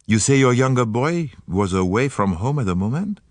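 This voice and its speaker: A man voicing a fastidious, shrewd older detective in an audiobook, speaking formally, precisely and methodically. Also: mid-range voice, sing-song, dry recording, studio quality, pitched above the performer's own voice, close to an everyday voice. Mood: measured.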